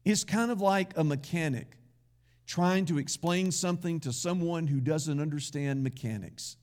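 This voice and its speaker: A man's voice: a little high, moderate pace, darkish tone. A man pastor preaching a sermon in a folksy, conversational way, with asides to the congregation.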